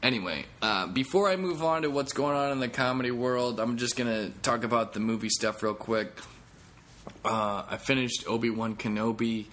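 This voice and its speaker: A man's voice: medium pitch, normal speed, fairly bright tone, slight background noise. A man who is a comedian, hosting a casual solo podcast in a rambling, profane way with self-mocking jokes.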